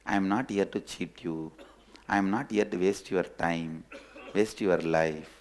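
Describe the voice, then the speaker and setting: A man voicing a calm, kindly lion in a parable, speaking low and reassuringly. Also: measured pace. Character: calm, kindly old male lion teacher.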